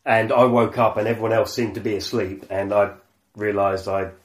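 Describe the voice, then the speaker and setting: A man co-hosting a casual podcast chat, talking in a relaxed, halting way with many fillers. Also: on the low side, reverberant. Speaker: podcast co-host.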